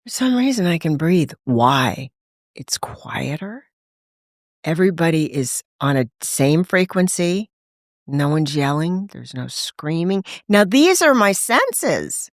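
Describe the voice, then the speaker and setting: A woman's voice: on the low side, big pitch swings, a little slow, dry recording, studio quality. A woman, a podcast guest, telling her recovery story in candid conversation, acting out quoted voices and laughing often.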